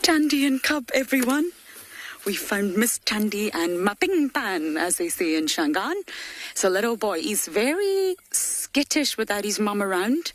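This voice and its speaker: A woman safari guide giving live game-drive commentary from an open vehicle, chatty, laughing often, at times hushed to a whisper. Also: medium pitch, sing-song, a little slow. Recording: engine and outdoor ambient noise.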